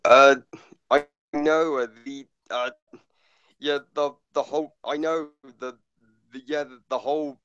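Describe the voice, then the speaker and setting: A man reviewing a movie in casual chat, halting with many fillers and restarts, blunt and swearing. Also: on the high side, steady tone, a bit bright, smooth, no echo, highs cut off.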